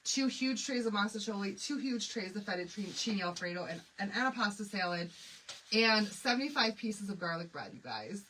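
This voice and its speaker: A woman hosting a craft livestream, telling stories in an animated, confiding way and talking to commenters by name. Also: medium pitch, normal speed, far from the mic, slight background noise, low-quality recording. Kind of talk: chatty storytelling while demonstrating a craft.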